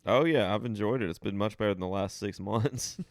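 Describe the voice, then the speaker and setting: A man's voice: lowish voice, a little fast, creaky, no room sound, clean studio sound. A laid-back, wry man co-hosting a podcast in casual chat. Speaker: podcast co-host.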